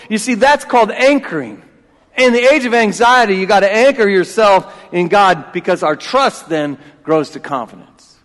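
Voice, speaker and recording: Forties male pastor, bright-pitched, emphatic and repetitive, loud-to-hushed swings, reverberant sanctuary. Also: lively intonation, moderate pace. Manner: emphatic, repeats key phrases, swings between loud and hushed. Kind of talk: sermon. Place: church sanctuary. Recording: long reverb of a church hall.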